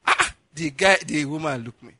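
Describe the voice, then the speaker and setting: A man's voice: fairly high pitch, a little fast, background noise. A man from Nigeria preaching, telling a personal story with lots of acted-out dialogue and frequent laughter. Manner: animated storyteller, acts out dialogue, laughs often. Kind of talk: sermon storytelling.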